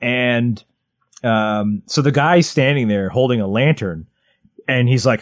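A man in his thirties, co-hosting a podcast in casual chat, rambling excitedly with lots of "like" and restarts. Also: medium pitch, a little slow, dry recording. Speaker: podcast co-host.

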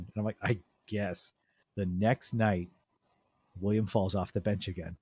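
A man's voice: on the low side, fairly even intonation, measured pace, a little mellow, slightly rough, no echo. A man in his thirties chatting casually on a podcast, telling a story and acting out the quoted lines with big jumps in his voice. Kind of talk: casual chat.

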